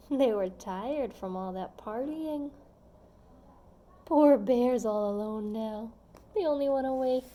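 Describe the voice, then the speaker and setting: A woman reading a children's picture book aloud, gentle and expressive, pausing to chat with young listeners. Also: on the high side. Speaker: storybook reader.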